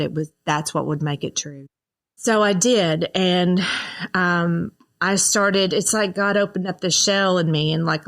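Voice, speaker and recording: A woman talking as a podcast guest, telling her recovery story in an earnest, reflective, halting way and acting out her own past words. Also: lowish voice. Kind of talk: personal recovery story in conversation.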